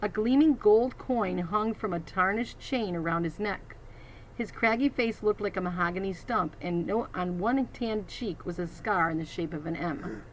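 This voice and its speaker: A woman's voice: medium pitch, normal speed, a little hiss or hum, low-quality recording. A woman reading a children's novel aloud, adding teacherly asides to her listeners. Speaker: reader.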